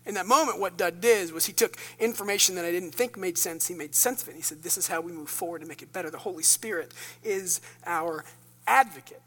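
Pastor guy preaching, bright voice, jokey about himself, echoey church hall. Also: high-pitched, brisk. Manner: self-deprecating storytelling, animated asides. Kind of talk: sermon. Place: church sanctuary.

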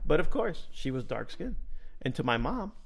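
A man hosting a podcast, telling a personal story in a casual, animated way and laughing often. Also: fairly high pitch, normal speed, creaky, breathy edge. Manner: animated, laughs often, acts out quoted dialogue. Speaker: podcast host.

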